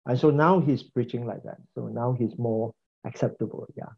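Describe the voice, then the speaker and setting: A man's voice: medium pitch, fairly quick, vocal fry, breathy edge. A man giving a conversational classroom lecture on preaching, repeating phrases and asking the class questions. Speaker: preaching instructor. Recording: slightly dull lo-fi recording.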